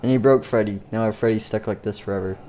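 A man casually narrating a game story in a rambling, halting way. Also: lowish voice, steady tone, warm tone, a little hiss or hum. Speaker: youtuber.

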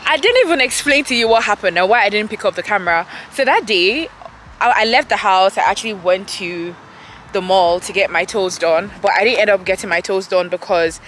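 A woman's voice: mid-range voice, a bit bright, a little hiss or hum. A young woman vlogging casually to the camera, chatty and addressing viewers directly, often restarting and rephrasing as she talks into a handheld camera mic, first at home and later walking outdoors in a city. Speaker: lifestyle vlogger. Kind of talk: casual vlog talk to camera.

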